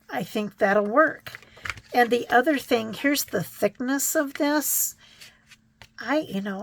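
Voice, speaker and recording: A middle-aged woman chatting gently to her viewers in a crafting vlog, reflective and a little choked up, with many pauses and restarts. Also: mid-range voice, gravelly, slight background noise. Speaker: crafting vlogger. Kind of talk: casual chat to viewers.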